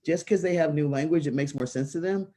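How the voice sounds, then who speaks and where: A panel moderator who speaks earnestly and frankly, framing questions with personal examples over a video call. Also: male voice, on the high side, fast talker, dark tone. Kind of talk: panel discussion.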